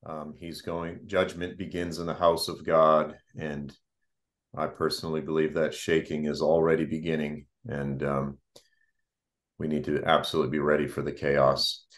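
A man from the Boston area hosting a casual ministry interview, earnest and soft-spoken. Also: rumbling low, completely flat delivery, normal speed. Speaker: host.

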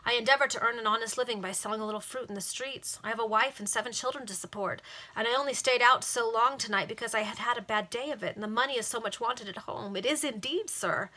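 A woman's voice: on the high side, quick pace, pushed and bright. Woman doing a pleading poor fruit seller. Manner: pleading, humble.

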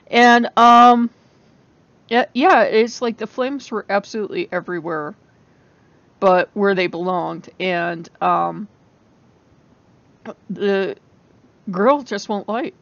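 Gravelly woman in a rambling vlog. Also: mid-range voice, fairly even intonation, slow, long pauses, fairly bright tone, no room sound, highs cut off. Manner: rambling, laughs often, exasperated. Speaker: vlogger. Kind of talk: casual chat to camera.

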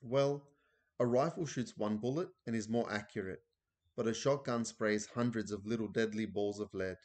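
A man's voice: on the low side, moderate pace, a little mellow, lightly acted. A man doing an old granny spinning a breathless tale. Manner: breathless, vivid storytelling. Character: elderly grandmother telling a thrilling tale.

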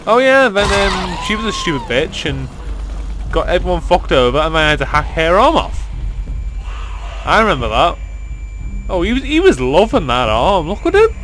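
A man's voice: high voice, huge pitch swings, moderate pace, pauses often, fairly bright tone, slight background noise, low-quality recording. A man giving crude, sarcastic, joking commentary while playing a game. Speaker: let's play gamer. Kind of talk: casual gaming commentary.

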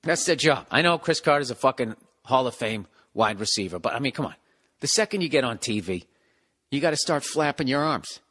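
A man's voice: mid-range voice, animated, brisk, sharp tone. A man hosting his podcast alone, ranting sarcastically and with lots of swearing, breaking into mocking impressions. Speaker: podcast host. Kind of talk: solo rambling podcast monologue.

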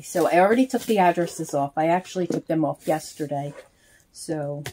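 A woman casually talking through opening a package in a chatty, halting way, counting things aloud. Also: low-pitched, a little mellow, slight background noise. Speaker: reborn doll vlogger. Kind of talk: casual unboxing vlog.

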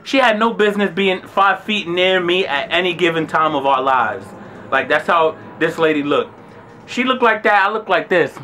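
Animated New York man telling a story. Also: high-pitched, moderate pace, slight background noise. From Brooklyn, New York. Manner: animated, slangy and profane. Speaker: vlogger. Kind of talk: casual storytelling.

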